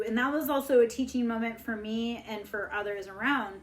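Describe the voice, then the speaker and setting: A woman's voice: a little high, steady tone, a little fast. A woman in her forties talking bluntly and profanely on a live stream, preachy and fired up. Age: 40s. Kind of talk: casual live-stream monologue.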